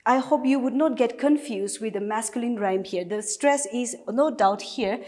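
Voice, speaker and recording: A woman's voice: a little high, moderate pace, a little mellow. A woman teacher from Nagaland with a Naga English accent, giving a recorded class lesson patiently and step by step with repeated examples. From Nagaland, India.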